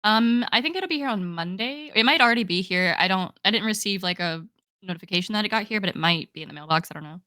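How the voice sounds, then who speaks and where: A woman's voice: mid-range voice, expressive, fast, pushed and bright, no room sound, clean studio sound. A young woman co-hosting a podcast, chatting casually and enthusiastically with lots of "like"s. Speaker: podcast co-host. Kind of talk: casual chat.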